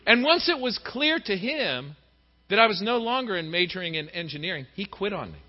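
A middle-aged minister with a high voice delivers a sermon a little fast, animatedly impersonating the people he quotes. It's a dull-sounding recording made in a reverberant church hall.

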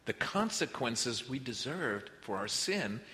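A man's voice: mid-range voice, very animated, slow. Earnest male preacher in a reverberant hall. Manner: earnest, swings between soft and emphatic. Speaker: pastor. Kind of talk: sermon. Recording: reverberant hall with faint noise.

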